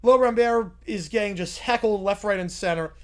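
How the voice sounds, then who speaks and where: Sex: man. Role: streamer host. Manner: animated, laughing. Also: high voice, fairly quick. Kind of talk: live stream reaction and story reading.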